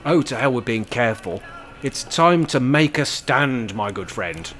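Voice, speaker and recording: A man's voice: mid-range voice, expressive, unhurried, fairly bright tone. A man playing a cantankerous pensioner in a comedy sketch, grumpy, sarcastic and bossy. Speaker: cantankerous old pensioner character.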